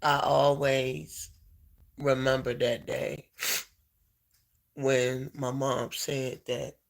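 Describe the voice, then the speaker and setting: A man in a heartfelt personal chat with his viewers, tearful, halting and emotional. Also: mid-range voice, little pitch movement, creaky. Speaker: vlogger.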